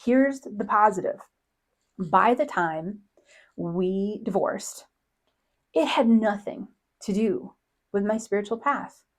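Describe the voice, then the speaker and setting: A woman's voice: mid-range voice, slow pace, pauses often. Chatty woman podcast host, laughing storyteller. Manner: chatty, laughs often, quotes others in voices. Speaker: podcast host, psychic medium. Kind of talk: casual storytelling monologue.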